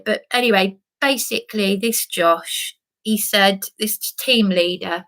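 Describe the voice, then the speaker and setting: A woman's voice: mid-range voice, a little slow, vocal fry, fairly bright tone. A woman delivering an agitated vlog rant, repeating and restarting herself for emphasis. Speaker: vlogger. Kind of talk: emotional monologue rant.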